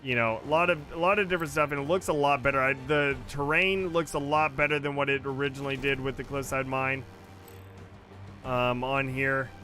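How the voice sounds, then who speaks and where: A man's voice: mid-range voice, fairly even intonation, fairly quick, sharp tone. A man hosting a casual gaming livestream, rambling with lots of fillers and chatting to his viewers. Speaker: gaming streamer and host. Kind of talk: casual livestream commentary while playing. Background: faint game music.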